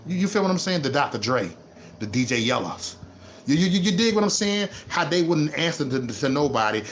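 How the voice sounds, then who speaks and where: A man ranting on his vlog, repeating himself and swinging between low muttering and loud laughing outbursts. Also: big pitch swings, fairly quick, a little hiss or hum. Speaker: vlogger. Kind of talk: unscripted livestream rant.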